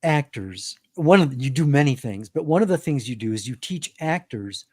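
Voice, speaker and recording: A man's voice: mid-range voice, expressive, normal speed, a little mellow, dry recording, clean studio sound. A man hosting an interview, curious and asking thoughtful questions. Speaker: host, interviewer. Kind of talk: casual interview.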